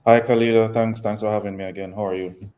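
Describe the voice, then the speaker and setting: A Jamaican man speaking as an interview guest, relaxed and joking. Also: lowish voice, quick pace, clean tone. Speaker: guest, company founder. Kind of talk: casual interview chat.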